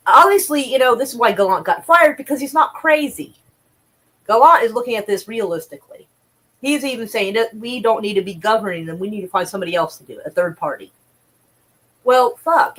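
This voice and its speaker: A woman's voice: fairly high pitch, lively intonation, fairly quick, a bit bright, poor audio. Blunt, profane woman streamer. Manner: profane, blunt, chatty, greets viewers. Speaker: streamer reading news. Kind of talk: casual live-stream commentary.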